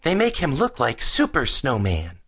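A man voicing an anxious, excitable young boy in a children's audiobook, with a high, whiny, worried delivery. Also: unhurried, husky, exaggerated voice. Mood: excited.

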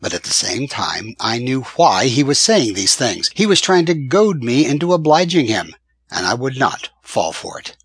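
A man reading a western audiobook as a first-person narrator, with measured, steady storytelling. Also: medium pitch, slightly rough, dry recording.

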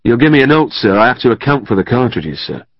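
A man's voice: medium pitch, sing-song, quick pace, dry recording. A man voicing a flustered young army captain who stammers and is eager to please, in an audiobook. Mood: anxious. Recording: dry, slightly muffled studio.

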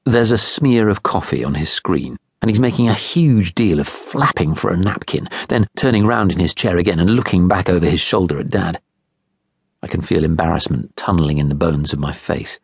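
A man narrating a literary audiobook in a measured, wry first-person style. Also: deep voice, creaky, breathy edge, no room sound. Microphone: close studio microphone. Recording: dry close studio recording.

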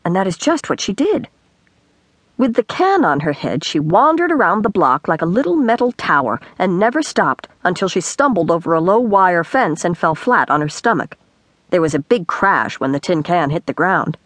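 A woman narrating an audiobook in an animated storytelling manner, recorded in a studio. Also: lowish voice, moderate pace, no echo. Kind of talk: scripted narration.

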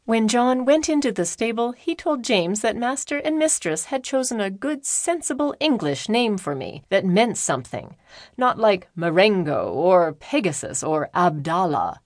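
Woman, audiobook narration, animated pitch, dry close sound. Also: a little slow, dry recording. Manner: lively storytelling, voicing characters' lines. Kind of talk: scripted narration.

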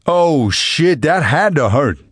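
A man's voice: on the high side, big pitch swings, takes it slowly, slightly rough, dry recording, clean studio sound, pitched above the performer's own voice, exaggerated voice. A man doing a wincing, friendly bystander. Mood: sympathetic. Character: sympathetic male bystander, adult.

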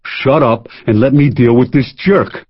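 A narrator voicing a big, bullish boyfriend who talks in a belligerent, gruff way. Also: male voice, mid-range voice, measured pace, no room sound, muffled recording. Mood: hostile.

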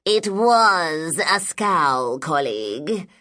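A woman's voice: deep voice, sing-song, pushed and bright, pitched above the performer's own voice, full character voice. A woman voicing a pious, self-satisfied man guardian in an audiobook. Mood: pompous. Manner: slow, pompous, unctuous. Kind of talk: audiobook character reading.

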